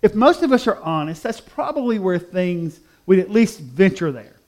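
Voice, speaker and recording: High-voiced male pastor, conversational sermon. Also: animated, moderate pace, darkish tone. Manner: conversational, emotive storytelling.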